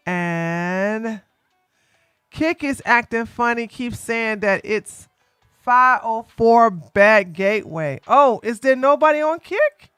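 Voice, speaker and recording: A woman streaming live, chatting casually to her viewers in a soft, unhurried voice. She talks slowly, with a middle-pitched tone. The sound is dry and close to the mic. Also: lively intonation, clear, resonant tone, no room sound, faint music behind. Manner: soft, unhurried talk, a break from her usual yelling. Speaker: livestreamer. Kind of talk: casual livestream chat.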